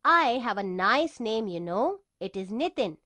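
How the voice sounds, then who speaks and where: A woman's voice: on the high side, big pitch swings, unhurried, sharp tone, no room sound, heavily acted. A woman reading the lines of a young schoolboy in a children's storybook, sounding hurt at times and firm at others. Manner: tearful then firm. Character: upset young schoolboy with curly hair.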